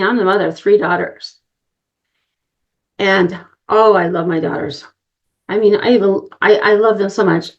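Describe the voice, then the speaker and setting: A woman's voice: medium pitch, highs cut off. A middle-aged woman giving an inspirational talk, telling a personal story earnestly and addressing the listeners directly. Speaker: summit speaker.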